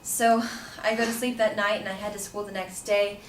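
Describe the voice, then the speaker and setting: A woman telling a personal story to listeners in a conversational, animated way. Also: medium pitch, a little fast. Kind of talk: personal story told to an audience. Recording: roomy, distant mic with faint background noise.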